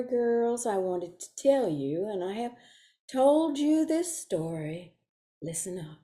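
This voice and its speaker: A woman's voice: fairly high pitch, dark tone. A woman voicing a prim, fussy older Sunday school teacher in a comic monologue, talking in a lilting, stagey way full of asides.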